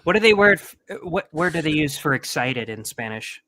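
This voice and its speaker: A man's voice: a little high, very animated, fairly quick, pushed and bright. A man co-hosting a casual podcast chat, telling stories and laughing often. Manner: laughs often, tells stories with quoted asides. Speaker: podcast co-host.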